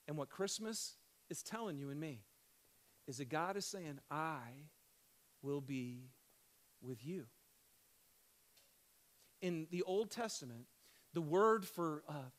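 Animated high-voiced male preacher. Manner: animated, swings from loud excited questions to hushed emphasis; conversational, addresses crowd as "you guys". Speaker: pastor. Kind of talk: sermon.

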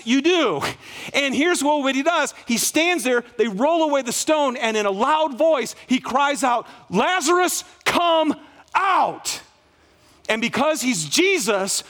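A man with a high-pitched voice preaches a sermon to his congregation. His delivery swings dynamically between fervent, loud exclamations and soft, hushed passages. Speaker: pastor.

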